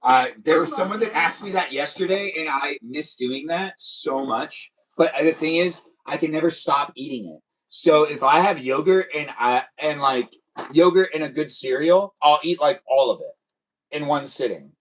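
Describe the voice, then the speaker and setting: A man's voice: a little high, normal speed, fairly bright tone, distant mic, low-quality recording. A young man hosting a casual livestream, rambling with many fillers and restarts. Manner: rambling, hesitant, lots of fillers. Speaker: livestream host.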